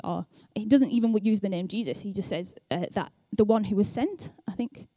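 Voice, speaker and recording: A woman's voice: mid-range voice, moderate pace, hardly any pauses, dark tone, no room sound. A young woman speaking at church in a chatty, self-deprecating way, laughing often, then reading scripture aloud. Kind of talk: casual talk and scripture reading.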